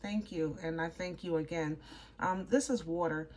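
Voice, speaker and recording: Lady tarot reader, kinda low voice, chatty, gets all excited and trails off. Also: normal speed. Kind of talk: casual tarot reading.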